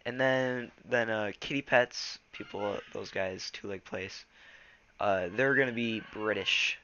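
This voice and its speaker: A man's voice: on the low side, measured pace, sharp tone, highs cut off, slight background noise. A teenage boy reading a novel aloud and then chatting casually, stumbling over words and restarting them. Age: teens. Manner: loose, rambling chat with fillers. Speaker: reader.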